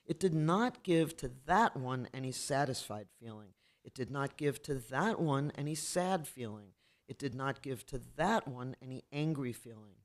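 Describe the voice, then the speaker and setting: A man reading literary prose aloud at a public marathon reading, in a steady, even way. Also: on the high side. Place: art space in New York.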